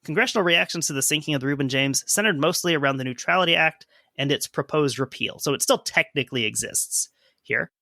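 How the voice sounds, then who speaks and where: Reading vintage news quotes on a history podcast he co-hosts, a man adds dry wisecracks along the way. He talks fast in a high-ish, creaky voice that's pushed and bright, recorded with no room sound.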